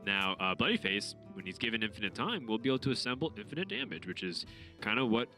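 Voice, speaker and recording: A man's voice: on the low side, very animated, fast, sharp tone. A man casting a card game tournament, analytical with joking asides. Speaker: esports caster. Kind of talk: play-by-play commentary. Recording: music bed under commentary.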